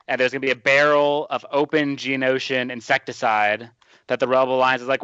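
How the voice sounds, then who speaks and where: A man's voice: mid-range voice, level tone, brisk, pushed and bright, smooth, no echo. A man joking around in a casual podcast chat with playful asides. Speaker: podcast co-host. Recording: dull dry lo-fi audio.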